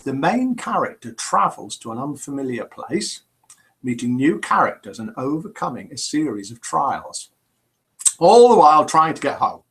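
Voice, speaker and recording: A middle-aged man with a medium-pitched, slightly bright voice hosts a casual live chat show. He's chatty and jokey, reading viewer comments aloud and bantering back in reply.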